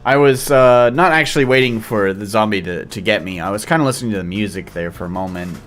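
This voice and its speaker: A man's voice: on the low side, fast, fairly bright tone. A man streaming a game and commenting casually in an offhand, rambling way. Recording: faint game music behind.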